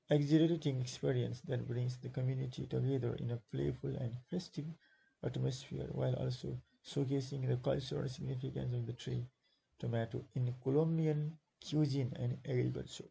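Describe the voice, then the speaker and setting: Gravelly, husky Nepali-accented male teacher. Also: mid-range voice, dark tone, poor audio. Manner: repeats words slowly to stress syllables, with many fillers; switches into Nepali to explain. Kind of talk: exam-prep lesson explaining a textbook.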